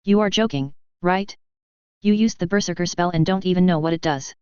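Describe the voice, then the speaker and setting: A woman reading a blunt, sharp-tongued mage. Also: lowish voice, brisk, smooth, dry recording, muffled recording, natural voice. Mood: incredulous.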